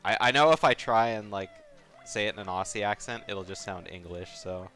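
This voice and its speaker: A man giving casual commentary on a race, chatty and relaxed, laughing often and leaning on fillers. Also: lowish voice, fairly quick, soft background music.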